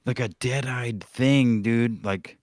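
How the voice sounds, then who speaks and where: A mid-pitched man riffing crudely through a comedy podcast, cursing freely as he jokes. His voice is close and dry with no room sound. He talks in a loose, joking way. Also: slow pace, darkish tone, no room sound. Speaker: podcast host. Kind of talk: casual comedy podcast chat.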